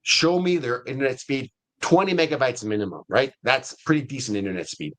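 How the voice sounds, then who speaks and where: A man's voice: mid-range voice, lively intonation, a little fast. A man speaking as a guest in a webinar interview, explaining casually and often checking in with the listener. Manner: conversational, checks in with frequent "right?" and "okay?". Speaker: guest, CEO of an ISA staffing firm.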